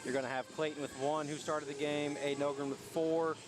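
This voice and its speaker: A man calling live basketball play by play, rattling off each pass and shot from a high school gymnasium. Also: flat delivery. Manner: rapid running calls of each pass. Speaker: play-by-play announcer. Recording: gym ambience and bouncing balls.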